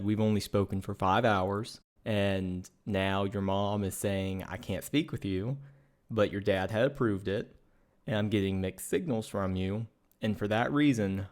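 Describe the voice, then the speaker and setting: A young adult man co-hosting a talk show, earnestly retelling a personal dating story in a measured, matter-of-fact way. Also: on the low side, fairly even intonation. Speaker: podcast co-host.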